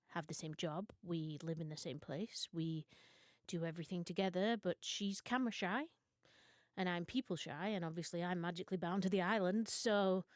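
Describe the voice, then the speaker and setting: A young woman from Britain spins absurd mock confessions for her viewers with a straight face. Her delivery is dry and deadpan, at a medium pitch. The sound is close and dry, with no room around it. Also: no echo. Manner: mock-serious storytelling, dry absurd humor. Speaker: streamer telling mock confessions. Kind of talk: deadpan comedic monologue.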